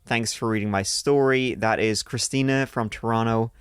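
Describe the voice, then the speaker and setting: A man's voice: mid-range voice, fairly even intonation, moderate pace, clear, resonant tone, dry recording, studio quality. Joking male podcast host reading stories. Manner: crude joking asides between read passages. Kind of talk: casual podcast banter while reading aloud.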